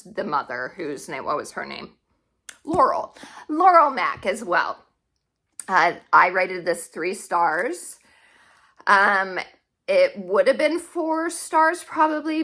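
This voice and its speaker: A woman hosting a book channel, chatting casually through a review and often pausing to recall names. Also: on the low side, sharp tone. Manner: chatty, pauses to recall names, frequent um and laughs. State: tearing up.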